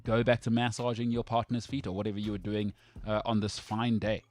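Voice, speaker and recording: A man's voice: lowish voice, flat delivery, fairly quick, a little mellow. A man hosting a sports talk show, ranting in a brash, emphatic and jokey way. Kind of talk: opinionated sports talk banter.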